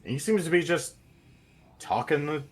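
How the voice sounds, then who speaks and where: A man's voice: on the high side, animated, a little slow, very noisy. A man narrating as game master of a tabletop game, improvising loosely with restarts and asides.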